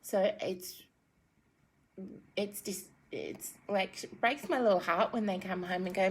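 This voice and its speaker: A woman's voice: medium pitch, steady tone, measured pace. A woman in her thirties, a spiritual guide who chats casually with giggles and fillers, then leads a guided meditation. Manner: gentle, giggly and rambling, with many fillers. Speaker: spiritual guide and card reader.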